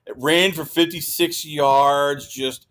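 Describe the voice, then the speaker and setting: A man guesting on a sports podcast, talking in an animated, exclaiming way and breaking into mocking impressions. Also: fairly high pitch, takes it slowly. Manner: animated, exclaiming, mimics others. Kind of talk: casual sports talk.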